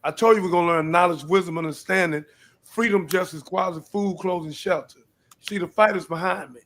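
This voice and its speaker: A man's voice: high-pitched, brisk, fairly bright tone. An older man from Houston, Texas, hosting his own live show and urging young people to stop the violence, repeating himself and rising into pleading questions. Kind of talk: preachy live-stream talk.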